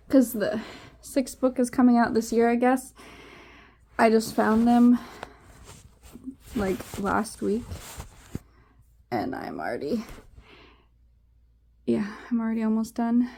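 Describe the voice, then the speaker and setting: A young woman vlogging in a casual, rambling way, sounding low and tired, trailing off into fillers. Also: darkish tone, a little hiss or hum. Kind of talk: casual vlog chat.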